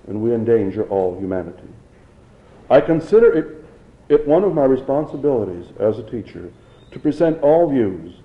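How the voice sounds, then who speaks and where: A calm, principled professor, as a male narrator reads him, answers in a measured, earnest voice. The audiobook sound is dull and lo-fi. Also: on the low side, echoey room, lightly acted.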